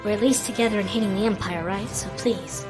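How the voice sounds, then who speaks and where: Woman reading a determined young ex-general heroine, quiet, low-key, middle pitch, game music behind. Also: fairly quick, natural voice. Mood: earnest.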